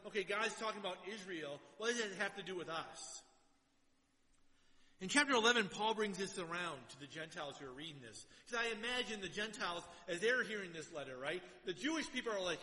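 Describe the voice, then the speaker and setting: A man preaching a sermon and reading scripture aloud, swinging between loud exhortation and quiet, low asides, in a church. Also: expressive, brisk. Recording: long hall reverb.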